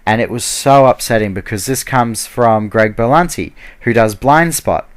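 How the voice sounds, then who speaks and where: A man's voice: mid-range voice, moderate pace, clear, resonant tone. A man giving a heated, casual ranting review, full of fillers and restarts. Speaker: video blogger.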